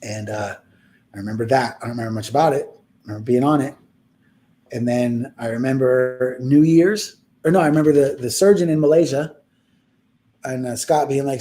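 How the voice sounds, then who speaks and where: A man's voice: medium pitch, moderate pace, mellow. A young man telling a personal story in a casual podcast chat, rambling and heartfelt, acting out the people he quotes.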